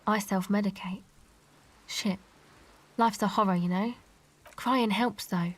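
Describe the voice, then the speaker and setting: A sullen young woman in a video game talks bluntly and flatly. She sounds weary and offhand. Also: mid-range voice, slow pace.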